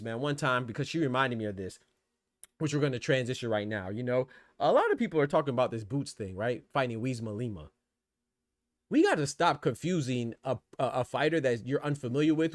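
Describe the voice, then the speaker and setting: A young adult man with a slightly higher voice talks boxing in a casual, opinionated way, repeating himself and restarting his sentences as he builds a point. His slangy, emphatic delivery sounds close and dry, with no room sound around it. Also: no echo. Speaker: boxing podcast host.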